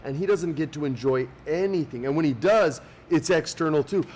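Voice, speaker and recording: A man's voice: on the high side, brisk. Swearing man on a podcast mic. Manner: swears freely, acts out quoted people in animated voices. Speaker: podcast co-host. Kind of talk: casual podcast chat. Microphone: podcast studio mic.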